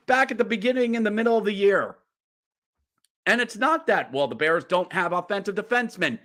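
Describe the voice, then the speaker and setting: High voiced guy on a hockey podcast, big swings in pitch, yelling at his team while recapping. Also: expressive, fairly quick. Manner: fan who gets riled up and yells during play-by-play. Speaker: podcast host.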